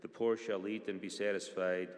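A man with a very low, level voice reads psalms aloud in a church. His reading is steady and even, with small slips and restarts now and then. A long reverb trails behind each phrase in the large space. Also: moderate pace. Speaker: church reader.

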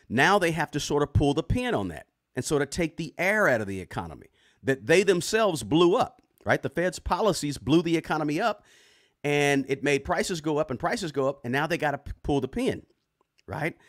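A man's voice: a little high, sing-song, moderate pace, no room sound, clean studio sound. A man hosting a live finance stream, walking viewers through a chart with a casual, repetitive style and lots of "right?" and "guys". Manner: restarts and repeats words. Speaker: finance YouTuber. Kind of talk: live screen-share explainer.

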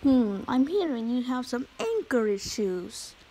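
A woman voicing a calm male therapist who speaks gently and reassuringly in a homemade toy skit. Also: a little high, unhurried, poor audio.

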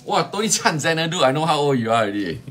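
A man's voice: on the high side, very animated, fast, fairly bright tone, slight background noise. A Singaporean man in his fifties selling on a live stream, chatting casually with playful teasing and exaggerated pleas. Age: 50s. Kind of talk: casual live-sale chat.

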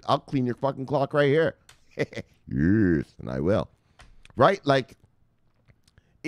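A man hosting a crypto news show, ranting and swearing as he reads the headlines, laughing at his own jokes and swinging from shouting to muttering. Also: a little high, no room sound, clean studio sound. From United States. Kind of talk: profane ranting commentary.

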